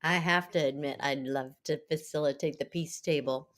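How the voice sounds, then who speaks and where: A woman guest speaking as a Montessori educator, earnest and animated, explaining with lively asides. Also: low-pitched, moderate pace. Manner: earnest, animated, acts out children's voices. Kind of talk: conversational interview answers.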